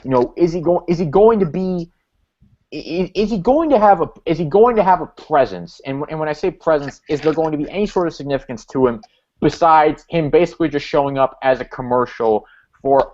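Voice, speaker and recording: A man's voice: on the high side, brisk, a little mellow. A man hosting a casual fan discussion, chatty and asking long rambling questions. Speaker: podcast host. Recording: dull lo-fi audio.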